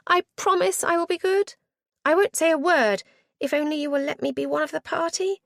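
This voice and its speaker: A woman doing eager, excitable young niece Lizzie. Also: a little fast, gravelly, dry recording, clean studio sound. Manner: eager, breathless, high-pitched.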